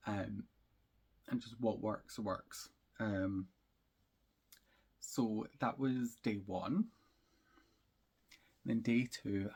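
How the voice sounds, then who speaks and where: Male podcast host, husky and a bit gravelly, rambling chatty delivery full of fillers. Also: fairly low pitch. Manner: chatty, rambling, lots of ums and likes; laughs easily. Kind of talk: casual chat about knitting and crochet projects.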